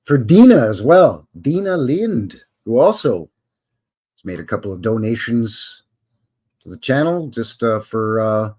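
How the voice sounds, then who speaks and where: Older Canadian man, mid-pitched and animated, folksy rambling live-stream host. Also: a little slow. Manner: rambling, folksy and jokey, with slangy asides. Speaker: livestream host. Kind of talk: casual live chat.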